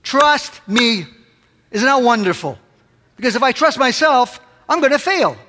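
A man's voice: very high-pitched, very animated, normal speed, a bit bright, long reverb tail, slight background noise. A man preaching a sermon as pastor, impassioned, pressing his congregation with rhetorical questions.

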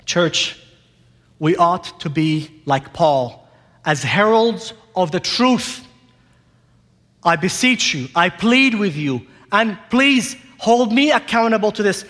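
A man's voice: sits high, lively intonation, slow pace, a bit bright, big-room sound. A man preaching a sermon as pastor, reading scripture and rising to urgent, impassioned appeals to his congregation.

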